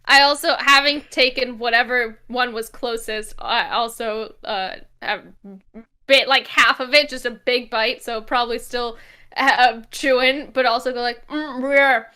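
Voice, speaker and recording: High, bright-voiced woman player. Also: fairly even intonation, a little slow, clear, resonant tone. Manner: soft, hesitant, wry narration of her actions. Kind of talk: tabletop role-play.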